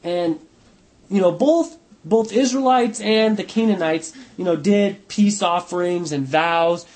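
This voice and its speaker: A man with a notably high voice teaches an informal Bible study. He talks conversationally, thinking out loud and softening his points with hedges. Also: measured pace. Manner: conversational, thinking aloud, hedging with "kind of".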